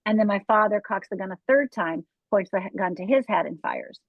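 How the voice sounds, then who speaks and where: Animated and brisk, a medium-pitched woman recounts her own story in an interview, speaking candidly and directly and turning aside to address the listener. She's a life coach and author from Upper Michigan, recorded with no room sound in a tinny, phone-like way.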